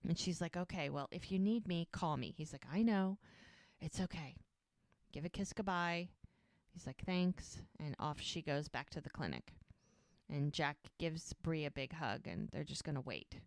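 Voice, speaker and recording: A woman co-hosting a podcast, casually recapping a TV episode and acting out the characters' lines in quick voices. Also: low-pitched, animated, dry recording. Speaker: podcast co-host.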